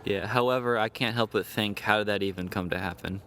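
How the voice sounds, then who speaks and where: A man's voice: lowish voice, brisk, fairly bright tone, a little hiss or hum. A young American man chatting casually on a podcast, rambling and joking in a laid-back way. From United States.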